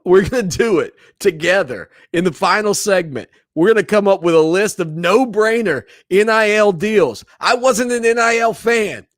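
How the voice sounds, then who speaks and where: A man's voice: high-pitched, fairly bright tone, no room sound, clean studio sound. A man hosting a sports talk show in a casual, playful way, joking with viewers. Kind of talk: casual chat.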